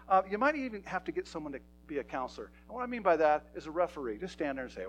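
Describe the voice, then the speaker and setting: A man's voice: sits high, very animated, very fast, hardly any pauses, slight background noise, rough recording. A man preaching a sermon in a church, talking to his congregation in an emphatic, conversational way. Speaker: pastor.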